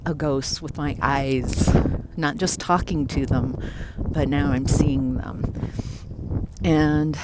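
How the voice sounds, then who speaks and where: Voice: mid-range voice, fairly even intonation, slow, pauses often, very noisy. A psychic medium casually telling a first-person ghost story, reflective and loose, with filler words.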